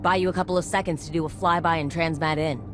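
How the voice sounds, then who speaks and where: A woman's voice: deep voice, steady tone, quick pace, background noise, close to an everyday voice. A woman voicing a female mission controller in a video game, giving urgent briefings. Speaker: game character. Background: game music.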